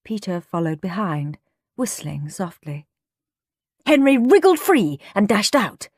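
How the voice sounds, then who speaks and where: Woman reading a children's audiobook, unhurried, very lively pitch, dry close sound. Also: no room sound. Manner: lively, expressive storytelling. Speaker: audiobook narrator. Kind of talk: storybook narration.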